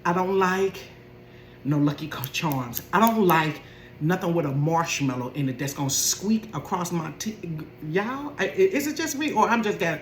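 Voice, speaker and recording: A woman's voice: fairly low pitch, moderate pace, a little hiss or hum. Sassy woman telling a comic story. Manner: sassy, animated, laughs often. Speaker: comedic storyteller. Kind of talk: comedic storytime. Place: bedroom. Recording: roomy bedroom echo.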